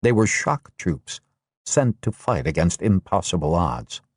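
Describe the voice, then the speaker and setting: A man narrating a war novel audiobook in a steady, measured way. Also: low-pitched, breathy edge, no echo, clean studio sound. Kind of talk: scripted narration.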